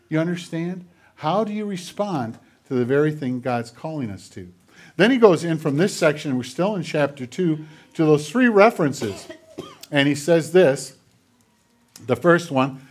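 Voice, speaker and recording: A man preaching a sermon to a congregation, retelling scenes dramatically and dropping into quiet, hushed passages. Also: a little high, expressive, unhurried. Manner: dramatic retellings, drops to near whispers. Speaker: pastor. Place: church filmed on camera.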